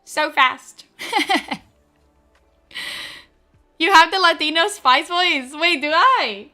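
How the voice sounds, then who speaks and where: Fast-talking woman streamer, bright voice. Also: very high voice, soft background music. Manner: fast-talking, full of "like" fillers. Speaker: streamer debuting a virtual avatar. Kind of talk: casual chat.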